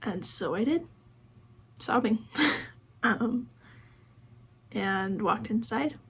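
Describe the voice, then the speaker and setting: Husky, gravelly woman telling her story. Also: medium pitch, animated, drawn-out words. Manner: conversational, acts out quoted dialogue with many "like"s. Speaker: vlogger. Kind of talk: casual personal storytelling.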